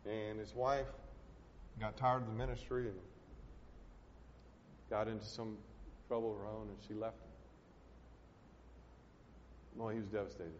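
A man's voice: lowish voice, little pitch movement, a little slow, pauses often, big-room sound, dull audio, slight background noise. A man preaching a sermon from the pulpit, folksy and emotional, tossing in "man" and "hey" as he talks. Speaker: pastor. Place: church sanctuary.

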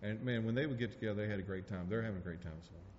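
Rapid-fire and darkish in tone, this pastor's ordinary-pitched voice echoes with a church sanctuary's long reverb. He preaches in a down-home, heartfelt style, relying on "man" and "hey" while building to urgent pleas. The sound quality is dull and lo-fi, with a faint rumble underneath.

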